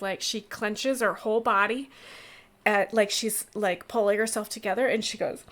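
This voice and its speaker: A woman's voice: mid-range voice, a bit bright. A woman narrating a tabletop game as game master, rambling with many fillers.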